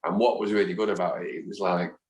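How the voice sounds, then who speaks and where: A man in his fifties with a low, deep voice tells stories in a lively way, acting out the voices of the people he quotes. He sounds like an interview guest chatting casually. The recording carries a noticeable echo from the room. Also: fast talker. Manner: animated storyteller who acts out quoted voices. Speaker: guest, football fan. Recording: echoey room.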